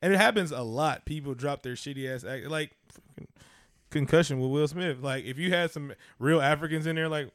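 A man's voice: on the high side, a little fast, fairly bright tone, dry recording, studio quality. A man co-hosting a casual podcast, talking loosely and profanely and slipping into mock voices. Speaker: podcast co-host. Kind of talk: casual chat.

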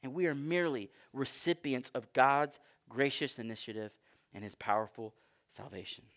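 A man's voice: medium pitch, normal speed, a bit bright. A man preaching a sermon in a conversational, emphatic way. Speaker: pastor.

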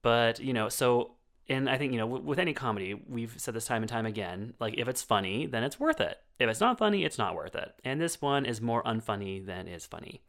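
Smooth-voiced male film review co-host. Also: medium pitch, very animated, fairly quick, a bit bright. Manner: wry, storytelling, full of fillers. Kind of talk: casual film review chat.

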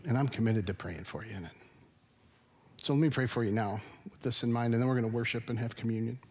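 Here the earnest middle-aged preacher talks quickly, his mid-range voice somewhat mellow, as he gives a sermon in the church sanctuary. The delivery stays conversational while the emphasis rises.

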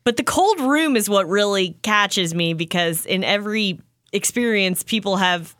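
A woman's voice: medium pitch, lively intonation, moderate pace, fairly bright tone, no echo, clean studio sound. A woman co-hosting a radio show, asking curious, short follow-up questions in casual chat.

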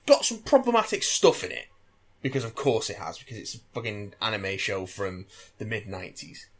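A man's voice: fairly low pitch, very animated, a little fast, breathy edge. A man in casual podcast chat as co-host, hesitant with fillers and casual swearing.

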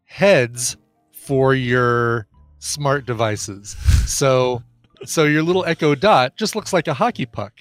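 A man co-hosting a morning podcast in casual chat, playful and joking as he pitches ideas. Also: slow pace, no echo, faint music behind. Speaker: podcast co-host.

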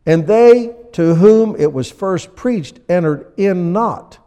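A man preaching a sermon as pastor, acting out people in little scenes with lively energy. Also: high-pitched, slow pace, in a large hall. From USA.

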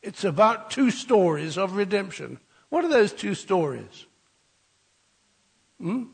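A man's voice: sits high, sing-song, slow pace, creaky, slightly rough, in a large hall. An older man preaching an Easter sermon, rousing and leading the congregation in call-and-response.

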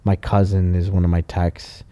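Swearing, animated car-shop owner. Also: male voice, deep voice, moderate pace. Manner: animated storyteller, swears a lot. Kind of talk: casual podcast chat.

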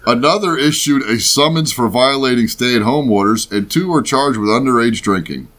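A man's voice: mid-range voice, moderate pace, fairly bright tone. A man co-hosting a casual podcast chat, reading a news story aloud with jokes and laughs and stumbling over words. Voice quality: beard. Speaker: podcast co-host.

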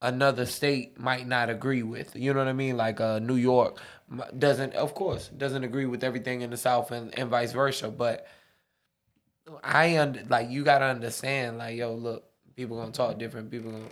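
Brief: male co-host, mid-pitched, relaxed casual talk with fillers. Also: moderate pace. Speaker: podcast co-host. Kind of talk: casual chat.

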